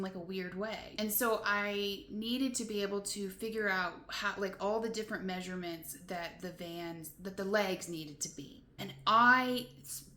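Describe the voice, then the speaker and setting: A woman with a bright, forceful mid-range voice rambles through a long story to camera as a casual van-life vlogger, peppering it with "like" and "you know" and laughing between her frustrations. She's in a motel room, and the recording has a roomy echo.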